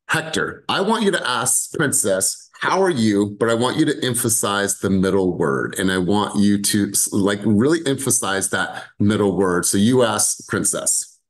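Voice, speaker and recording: Animated American male sales coach. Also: fairly low pitch, rough recording. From United States. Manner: animated, acts out tones of voice. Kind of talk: live team coaching session.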